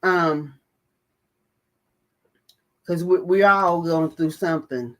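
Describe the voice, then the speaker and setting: A woman's voice: on the low side, slow pace, a bit bright. A woman hosting a mental health talk channel, telling her own story to her audience and stressing key points by repeating them. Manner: emphatic, repeats key phrases for weight. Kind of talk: personal storytelling to an online audience.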